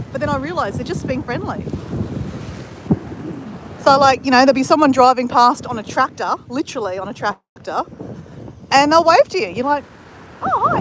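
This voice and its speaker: Aussie woman rambling to her viewers on a windy beach, kinda high voice, wind blasting the phone mic. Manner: chatty, rambling, answers viewers. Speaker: vlogger. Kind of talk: casual live-stream chat. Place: outdoors on a beach. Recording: wind buffeting the mic outdoors.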